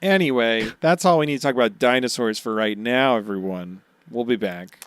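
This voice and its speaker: A man co-hosting a podcast, riffing loosely and swearing freely in a mid-pitched voice. The sound is dry and close, with no room around it. He keeps the tone joking and casual. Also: normal speed, clean tone, no echo. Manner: joking, swears freely, riffs on silly ideas. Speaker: podcast co-host. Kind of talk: casual chat.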